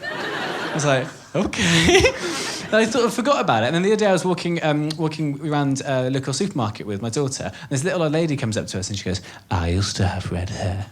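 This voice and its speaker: A man's voice: a little high, animated, fast. A man in his thirties with a Welsh accent doing a stand-up set, chatty and swearing, working the crowd from a club stage. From Wales. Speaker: stand-up comedian. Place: comedy club stage with live audience. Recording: live club recording with audience noise.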